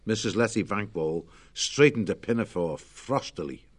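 A man narrating a children's storybook in a lively, expressive way. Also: lowish voice, normal speed, slightly rough.

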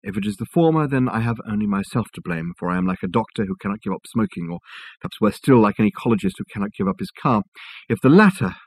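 An eccentric old college don, voiced by a man reading the book aloud, speaks in formal, old-fashioned phrases. His voice is husky and close to the mic. The sound is dry, with no room around it. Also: fairly low pitch, expressive, fast, no room sound. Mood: grave. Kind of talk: audiobook character voice.

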